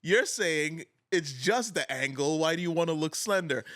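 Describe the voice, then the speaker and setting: A man with a slightly high voice co-hosts a podcast. He teases the others in casual chat and laughs easily. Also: lively intonation, fairly bright tone. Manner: teasing, quick to laugh. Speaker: podcast co-host.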